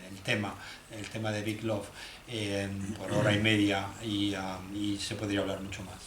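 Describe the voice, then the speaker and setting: Male interpreter, halting and searching for words, roomy hall with audible background noise. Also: fairly low pitch, completely flat delivery, a bit bright. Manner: hesitant, searching for words with many fillers and restarts. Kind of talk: consecutive interpreting.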